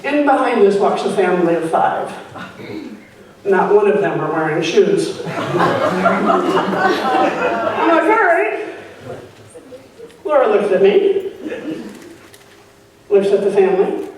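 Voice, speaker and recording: A woman in her forties performs a stand-up set on stage at a live showcase, animatedly telling stories and acting out quoted lines. Her medium-pitched voice is unhurried with frequent pauses. It's recorded from far off in an echoey room, with noise.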